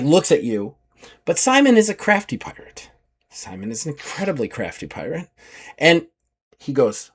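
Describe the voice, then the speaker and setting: A man narrating as game master of a tabletop role-playing game, animated and voicing the characters in quick bursts. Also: a little high.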